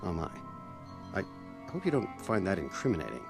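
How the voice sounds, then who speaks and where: A defensive settler suspect pleads his innocence in a lowish voice that rises and falls a great deal. He sounds earnest and flustered, with a studio game-dialogue delivery. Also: wildly swooping pitch, a little fast, creaky, soft background music, heavily acted. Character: defensive middle-aged male settler suspect. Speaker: game character. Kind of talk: studio video game voice acting.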